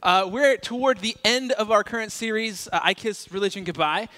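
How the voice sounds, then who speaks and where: A man's voice: high-pitched, normal speed, pushed and bright. A male pastor preaching a conversational sermon, telling jokes and stories. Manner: conversational, joking storyteller. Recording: reverberant church hall.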